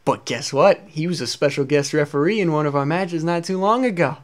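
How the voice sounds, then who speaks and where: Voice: mid-range voice, fairly quick. A let's play commentator in an angry, profane rant, firing exasperated rhetorical questions at the game's makers.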